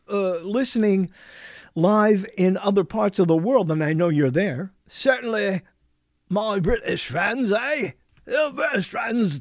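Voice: medium pitch, dry recording, clean studio sound. A talk show host delivering a rambling live late-night monologue, full of chuckling asides.

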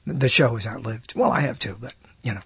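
An older man hosting a radio talk show, rambling through an animated on-air monologue with laughs and self-interruptions, seated in a studio. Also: medium pitch, fairly quick, gravelly, husky, dry recording.

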